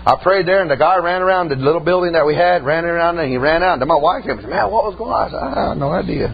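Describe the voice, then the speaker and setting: A man's voice: a little high, expressive, fast, vocal fry. A male preacher giving a folksy sermon, telling stories and punctuating them with "amen". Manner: folksy storytelling preaching, repeated "amen" and "man". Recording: dull lo-fi sound with faint hum.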